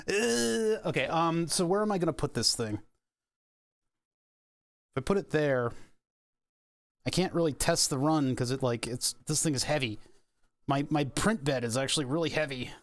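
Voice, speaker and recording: A man with a slightly high voice chats casually on a livestream while doing a hands-on repair. He talks in a loose, joking way, with dry sarcasm and small chuckles. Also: creaky. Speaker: streamer doing printer repairs. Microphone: headset or desk mic.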